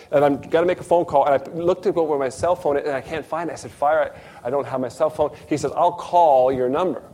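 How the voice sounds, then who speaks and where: A man preaching a sermon, telling a story and acting out the dialogue. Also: on the high side. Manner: animated storyteller, acts out dialogue.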